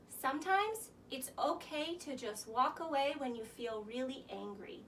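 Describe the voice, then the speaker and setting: A woman teaching young children through song and story, with a gentle, coaxing sing-song manner. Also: high voice, animated, normal speed, few pauses, distant mic, a little hiss or hum.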